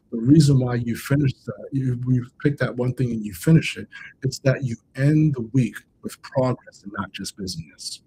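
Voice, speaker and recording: A man's voice: mid-range voice, noisy background. A man coaching on a livestream. He talks casually, repeats and restates his points for emphasis, and addresses viewers in the chat directly. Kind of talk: livestream motivational talk.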